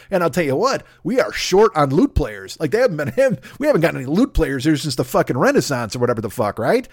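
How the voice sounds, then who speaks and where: A man's voice: fairly high pitch, very animated, no room sound, studio quality. Middle-aged man riffing profanely. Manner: profane, riffing, slips into quick voices for made-up characters. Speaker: podcast host. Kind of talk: rambling comic monologue.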